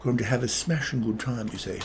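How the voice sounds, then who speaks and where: A man putting on a jokey British accent as a cheeky bloke, with slangy, bantering talk and a gravelly voice. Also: mid-range voice, a little fast, noisy background, natural voice.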